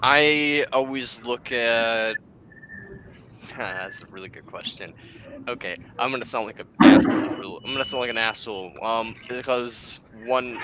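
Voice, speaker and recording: Laughing, joking Upper Midwest American man. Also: mid-range voice. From Wisconsin, United States. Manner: laughs often, rambling and jokey. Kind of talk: casual debate chat. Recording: loud background noise.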